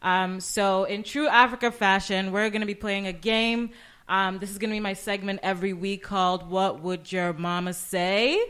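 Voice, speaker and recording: A woman co-hosting a casual radio talk show, lively and laughing often. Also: mid-range voice, normal speed, smooth. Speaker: co-host.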